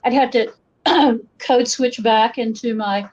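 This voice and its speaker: Animated Appalachian woman telling stories. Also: a little high, slow, muffled recording. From western North Carolina. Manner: animated, acts out quoted voices, frequent restarts. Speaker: guest, folklorist and educator. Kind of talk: conversational interview storytelling.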